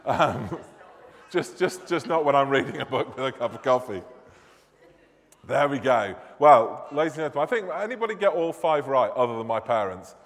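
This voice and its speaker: A man's voice: mid-range voice, animated, moderate pace. A man in his thirties from Manchester with a Northern English accent, running a playful quiz during a church service, joking with the congregation. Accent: Northern English, Mancunian. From Manchester, England. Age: 30s. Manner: jokey, self-deprecating, chatty with the congregation. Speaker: church minister. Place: church hall or nave. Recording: long church reverb.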